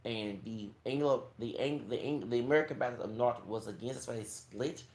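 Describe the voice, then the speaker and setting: A Texas man with a gravelly Southern voice holds forth at length, emphatic and preachy, stacking up scripture as he goes. His mid-pitched voice bounces around a roomy, echoey space. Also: fairly quick, a little mellow. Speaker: YouTuber. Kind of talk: impassioned monologue. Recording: echoey room.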